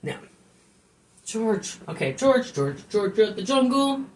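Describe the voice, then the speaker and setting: A woman's voice: fairly high pitch, big pitch swings, slow. Woman, casual live stream, profane joking, kitchen, faint background noise. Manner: rambling, profane, jokey. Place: home kitchen.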